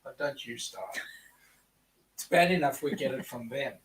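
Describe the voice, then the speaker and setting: A man's voice: mid-range voice, moderate pace, recorded from a distance, a crowd in the background, poor audio. A man co-hosting a live chat stream, speaking with a South African-tinged Australian accent and reading out viewer comments. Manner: chatty, reads out viewer comments. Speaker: co-host.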